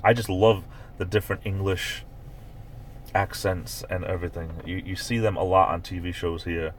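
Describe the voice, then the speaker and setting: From a parked car, a man with a Northeastern US, New York-like accent hosts a casual live stream, rambling and reading viewer comments aloud. His low voice keeps fairly even intonation at a moderate pace, with slight background noise.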